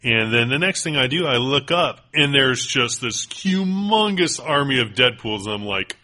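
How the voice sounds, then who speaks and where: A man co-hosting a podcast in casual chat, an excitable storyteller who piles up fillers and restarts. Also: medium pitch, moderate pace. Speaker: podcast co-host.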